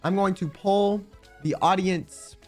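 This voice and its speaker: A man's voice: high voice, fairly even intonation, slow pace. A man streaming live, chatting casually with his viewers in a rambling, crude, joking way. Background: faint background music.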